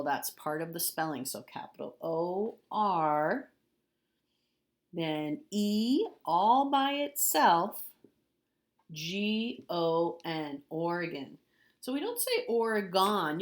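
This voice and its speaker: A woman teacher, middle-aged, giving a recorded spelling lesson to children, slowly sounding out letters and syllables. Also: fairly low pitch. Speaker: third grade teacher.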